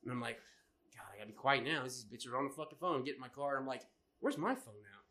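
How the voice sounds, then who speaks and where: A man's voice: medium pitch, fast talker. A man co-hosting a casual podcast, telling a story with lots of swearing and acting out the other people in it. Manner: profane, animated, acts out the other people in his stories. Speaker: podcast co-host.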